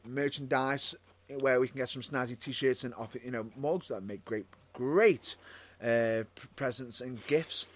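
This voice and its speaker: Male podcast co-host, mid-pitched, rambling, chatty sign-off reads. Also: no echo. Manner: rambling, repeats himself and restarts. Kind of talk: casual podcast chat.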